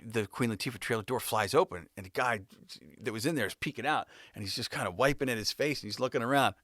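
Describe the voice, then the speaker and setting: A man's voice: medium pitch, fast talker, a bit bright, no room sound, studio quality. A man, a music video director, telling a personal story in casual style, laughing often and swearing, with bursts and restarts.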